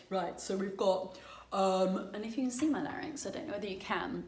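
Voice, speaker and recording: A woman vocal coach, chatting through a singing warm-up lesson and demonstrating the exercises as she goes. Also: mid-range voice, moderate pace, roomy sound, a little hiss or hum.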